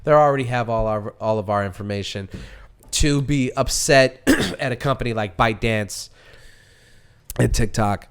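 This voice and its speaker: A man's voice: mid-range voice, normal speed, a bit bright, smooth. A man co-hosting a podcast in casual chat, ranting and mocking the voices of others. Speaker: podcast co-host.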